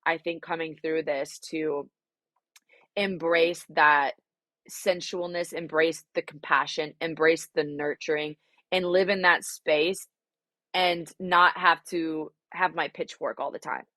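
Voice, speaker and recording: Low-voiced woman, frank and reflective. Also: fairly even intonation, slow pace, fairly bright tone, no echo. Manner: reflective, frank, swears freely, many fillers. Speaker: singer-songwriter guest. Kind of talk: candid interview answers.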